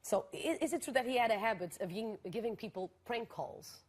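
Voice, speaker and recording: A woman's voice: a little high, lively intonation, a little fast. A woman hosting a talk show interview in English, bubbly and full of exclamations. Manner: bubbly, laughs and exclaims a lot.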